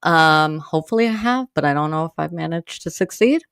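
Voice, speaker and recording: A woman's voice: low voice, lively intonation, fairly quick, fairly bright tone, smooth, no room sound. A woman from Maine hosting a casual solo podcast, chatting and rambling straight to her listeners and getting heated as she rants. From Maine, USA. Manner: gets heated and exasperated when ranting. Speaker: podcast host.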